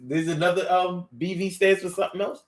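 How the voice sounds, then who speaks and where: This Philly-accented host of a monologue show, a man from Philadelphia, speaks in a high voice at a fairly quick clip. Casual and animated, he keeps repeating phrases and stretching out words for effect.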